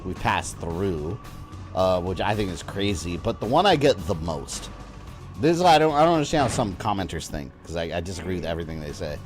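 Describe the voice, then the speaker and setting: Deep-voiced chatty male game streamer. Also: brisk, faint music behind. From Florida, USA. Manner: rambling, chatty, casual swearing. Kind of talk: casual gaming livestream chat.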